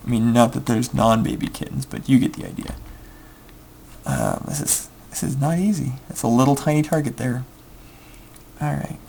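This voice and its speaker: Young guy with some gravel in his voice, rambling story full of ums while he plays, keyboard clacking behind. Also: mid-range voice, very animated, moderate pace, long pauses, a little mellow. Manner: rambling with many ums, mutters game steps under his breath. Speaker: gameplay video creator. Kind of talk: casual storytelling over gameplay.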